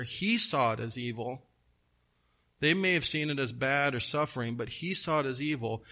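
Emphatic preacher man, bright voice. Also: on the high side. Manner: emphatic, slows and stresses key words; folksy asides. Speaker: pastor. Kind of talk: sermon.

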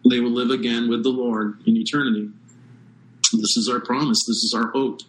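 Man, pastor, sermon, earnest, emphatic pauses, mid pitch. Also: flat delivery, a bit bright, rough recording.

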